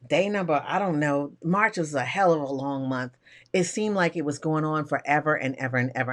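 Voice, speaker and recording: A woman hosting a live stream, chatty and bubbly, who greets viewers with casual slang. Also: fairly low pitch. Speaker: livestream host and brand coach. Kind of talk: upbeat live-stream chat.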